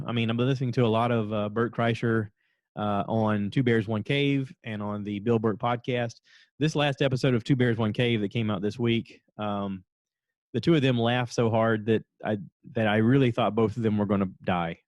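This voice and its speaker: A man hosting his own podcast, chatting casually and rambling from one story to the next, now and then jumping into a high voice to quote people. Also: no room sound. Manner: rambling, animated, jumps into high voices when quoting people. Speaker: podcast host. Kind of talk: casual solo podcast chat.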